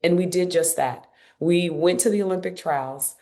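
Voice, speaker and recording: With a notably low voice and normal speed, a woman in her forties from Cincinnati, United States, shares her story as a podcast guest. She was once an Olympic runner, and she emphasizes her points lively, often repeating phrases to hammer them in.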